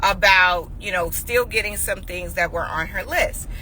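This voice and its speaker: A woman's voice: mid-range voice, unhurried, pushed and bright, slight background noise. A woman in her forties telling a family story that turns into a heartfelt morning message, earnest and emotional, repeating phrases for emphasis. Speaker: mother sharing a devotional. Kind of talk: heartfelt storytelling turning into preaching.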